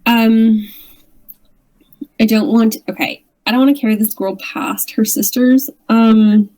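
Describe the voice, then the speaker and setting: A woman playing a tabletop game, speaking in a hesitant, halting way with many restarts. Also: a little high, steady tone, a little mellow, low-quality recording. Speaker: player. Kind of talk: casual tabletop play.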